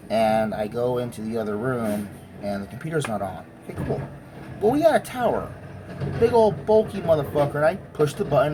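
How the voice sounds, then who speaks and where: Woman vlogger ranting, low voice, swears a lot, blunt and intense. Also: animated, moderate pace, long pauses, noisy background. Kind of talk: profane ranting monologue.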